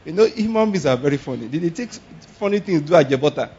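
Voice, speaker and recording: Male preacher, high husky voice, animated sermon delivery, lo-fi sound. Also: fast. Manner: animated, laughing, shouting exclamations, rhetorical questions. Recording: dull lo-fi sound.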